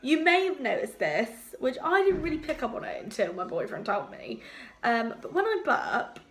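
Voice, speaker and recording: A woman's voice: high-pitched, big pitch swings, normal speed. Chatty young woman vlogger. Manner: chatty, giggly, lots of fillers. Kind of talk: casual chat to camera.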